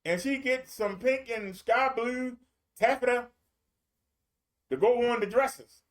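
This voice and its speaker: A man's voice: very high voice, takes it slowly. A man preaching a streamed sermon in a colloquial, repetitive storytelling way.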